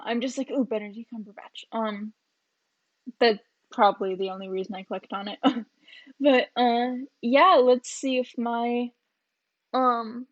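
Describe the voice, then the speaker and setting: A woman's voice: on the high side, lo-fi sound. A young woman vlogging in a casual, rambling reaction chat, giggling and full of fillers.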